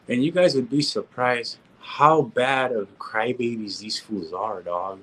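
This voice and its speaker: A California man, a reaction streamer, rants casually on a live stream in a mid-range, fairly bright voice at a measured pace. He's slangy and repetitive, sprinkling in street asides and restarting sentences. The recording is rough.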